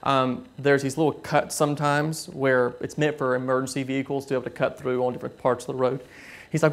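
A man preaching a sermon, telling a story with frequent halting restarts and repeated words. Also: mid-range voice, little pitch movement. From southern United States.

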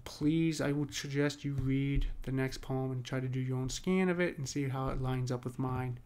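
Medium-pitched and steady, his voice is a little mellow and clean, delivered at normal speed. The man, a poetry teacher, rambles casually about meter, restarting often and asking "right?" over and over.

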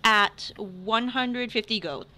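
A courteous female potion seller, played by a woman running a tabletop game, her voice bright and a touch high. She gives friendly sales patter, pausing with little ums as she checks her stock. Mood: helpful. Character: polite female potion shopkeeper. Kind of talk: tabletop game role-play.

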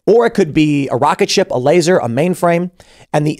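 A man's voice: a little high, normal speed, a little mellow, no echo. A man hosting a podcast, talking casually and animatedly, acting out imagined dialogue with many restarts, close to a studio mic. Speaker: podcast host.

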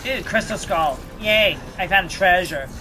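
A let's play host giving casual gameplay commentary, reacting loudly, swearing and talking back to enemies. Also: medium pitch, measured pace, music in the background.

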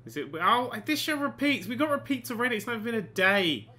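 A man giving sarcastic, excitable commentary while playing a life simulation game, often swearing and bursting into panicked shouts. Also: extremely high pitch, fast. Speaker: gaming channel host. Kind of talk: comedic let's play commentary.

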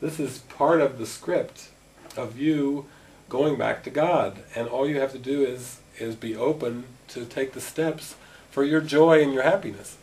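A man's voice: mid-range voice, unhurried. Man telling stories at a gathering, distant mic. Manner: animated storyteller, acting out dialogue. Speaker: spiritual teacher. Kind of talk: storytelling talk to a gathering. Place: meeting room at a gathering. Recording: distant mic with faint noise.

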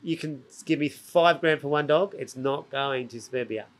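A man's voice: medium pitch, normal speed. Rambling Australian man telling yarns. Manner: animated, acts out other people's lines; rambling, with restarts and slang. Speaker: podcast guest. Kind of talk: casual storytelling chat.

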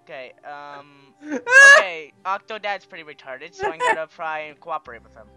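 A woman with a bright, forceful voice chats her way through a video game, excitable and quick to giggle. She drops into silly voices now and then, with faint game music running underneath. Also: sits low, clean tone. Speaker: let's play gamer. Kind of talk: casual gameplay commentary.

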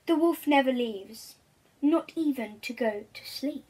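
A woman reading a picture book aloud to young children, gentle and chatty with her viewers. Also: high voice, a little slow, a little hiss or hum.

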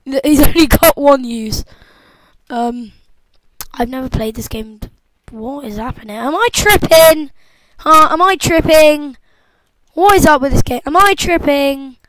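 A young woman with a bright, high voice runs casual let's-play commentary, excitable and jokey, bantering with the game as she goes. Her voice sounds close and dry, with no room around it. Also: a little slow, no room sound, poor audio. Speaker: gameplay commentator.

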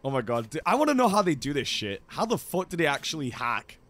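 A young man commentating on his gameplay, swearing freely and yelling when the game goes against him. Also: a little high, fast. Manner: excitable, swears a lot, yells in frustration. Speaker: gaming YouTuber.

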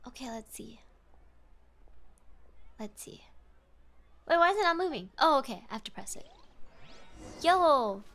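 A woman's voice: high-pitched, big pitch swings, a little slow, long pauses, a bit bright. A woman streamer commenting on a game playthrough, reacting emotionally with gasps and chatty asides to her chat.

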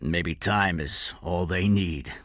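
A weary male criminal speaks low and subdued, as a narrator puts him on, sometimes dropping to a breathy hush. The storybook reading is recorded dry and close. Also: takes it slowly, no room sound. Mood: sad, hushed.

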